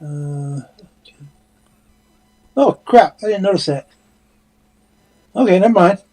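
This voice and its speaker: Man, fairly high voice, tabletop player, casual, chatty. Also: expressive, slow, warm tone. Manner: chatty, laughs easily. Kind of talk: casual tabletop game chat.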